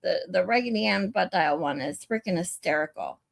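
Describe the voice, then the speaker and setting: A woman hosting a livestream in casual chat, chatty and quick to giggle. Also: on the low side, lively intonation, gravelly, dry recording. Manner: giggly and chatty, laughs a lot. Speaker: livestream host.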